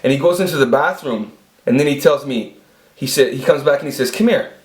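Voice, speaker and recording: A man's voice: mid-range voice, fairly quick. A man in his forties telling rambling, profane stories about his past into a camera he set up himself. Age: 40s. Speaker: vlogger. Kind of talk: casual storytelling monologue. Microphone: self-filmed camera. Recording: echoey room.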